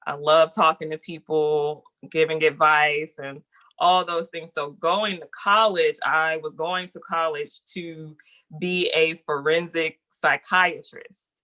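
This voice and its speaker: A woman guest in a casual interview, telling a story in a lively, animated way and acting out what people said. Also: deep voice, slow. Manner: lively, animated storyteller who acts out quotes.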